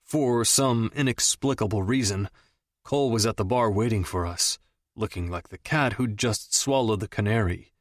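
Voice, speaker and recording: A man reading a first-person romance audiobook with steady, understated storytelling. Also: lowish voice, normal speed, no room sound, studio quality. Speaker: audiobook narrator.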